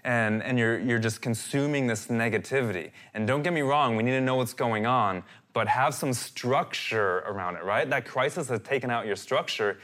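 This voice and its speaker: A man's voice: medium pitch, moderate pace, few pauses. A man in his thirties preaching a sermon as a pastor, earnest and given to repeating his phrases. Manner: earnest, repeats phrases, animated when quoting.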